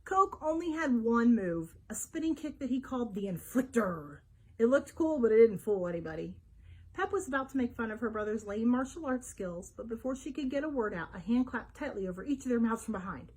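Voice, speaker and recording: A woman's voice: a little high, a little fast, breathy edge. A woman librarian reading a children's adventure book aloud, telling it expressively. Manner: expressive storytelling. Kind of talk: storybook read-aloud for children.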